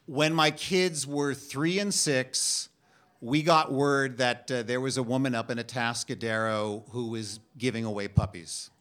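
A middle-aged man telling a funny personal story on stage, halting and self-deprecating with frequent restarts. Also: medium pitch, steady tone, fairly bright tone.

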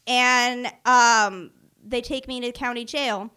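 Lively high-voiced young woman telling a story. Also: takes it slowly, clear, resonant tone. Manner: animated, self-mocking, acts out other people's voices. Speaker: vlogger. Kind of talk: storytime anecdote.

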